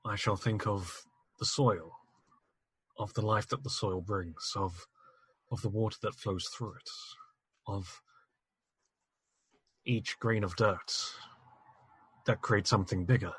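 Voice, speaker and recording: Man playing a slow solemn dwarf. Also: fairly low pitch, fairly even intonation, fairly bright tone, breathy edge, no room sound, exaggerated voice. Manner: slow, earnest, formal phrasing. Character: solemn dwarf adventurer in meditation.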